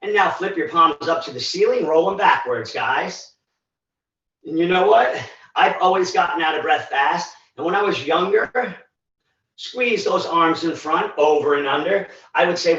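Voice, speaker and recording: Slow, winded man coaching a workout. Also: fairly high pitch, fairly bright tone. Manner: encouraging, counts down reps and cues moves. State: out of breath. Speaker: fitness instructor. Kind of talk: live virtual workout coaching. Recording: echoey, distant, dull livestream audio.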